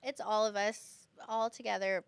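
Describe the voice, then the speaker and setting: A young woman who teaches kindergarten, chatting casually as a podcast guest and telling stories with lively quoted voices. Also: mid-range voice, moderate pace, vocal fry, clean tone, no room sound.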